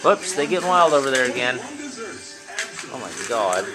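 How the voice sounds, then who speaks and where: This cat owner narrates a casual home video while filming his pets indoors with a handheld camera. He's very animated, speaking at normal speed in a mid-range voice, cooing loudly at the cats over loud background music.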